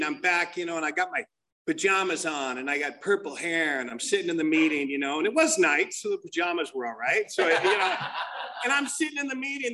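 A man telling blunt, profane stories as he shares with a recovery group. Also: sits high. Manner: profane, blunt, animated storyteller. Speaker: speaker sharing at a recovery meeting.

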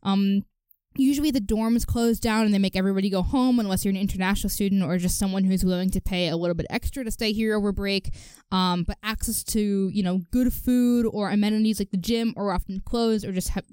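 A woman's voice: medium pitch, fairly even intonation, brisk, hardly any pauses, a little mellow, clear, resonant tone, no echo. A young woman co-hosting a podcast in casual chat, chatty with lots of "you know" and frequent laughs. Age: young adult. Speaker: podcast co-host.

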